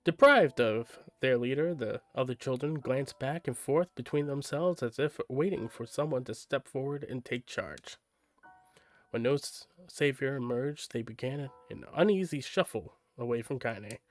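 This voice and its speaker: A man's voice: mid-range voice, normal speed, darkish tone, faint music behind. Man reading a novel aloud on stream. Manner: casual, stops for asides and laughs at slips. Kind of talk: live-stream read-aloud narration.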